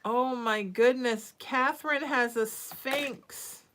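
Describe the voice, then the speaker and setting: A woman's voice: a little high, slow pace, a bit bright. A woman psychic hosting a casual live stream, reading out viewer names and cooing at her cat between readings. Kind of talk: casual livestream chat.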